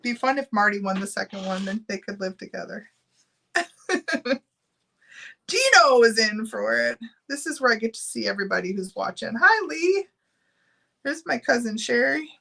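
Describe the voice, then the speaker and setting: A woman's voice: fairly high pitch, lively intonation, moderate pace, vocal fry, bright, forceful tone. A middle-aged woman chatting casually on a live stream, giggling often and reading out viewer names while she runs a giveaway.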